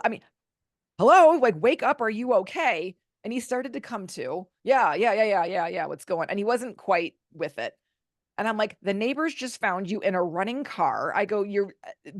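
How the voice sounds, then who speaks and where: A woman's voice: mid-range voice, no room sound, studio quality. A woman guest candidly recounting a personal story in an interview, acting out quotes as she goes. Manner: candid, animated retelling with acted-out quotes. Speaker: podcast guest, author.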